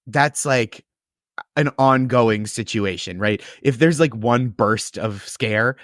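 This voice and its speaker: A man who is a podcast guest, reacting with quick jokes and absurd comparisons in casual chat. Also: medium pitch, fairly bright tone, no room sound, clean studio sound.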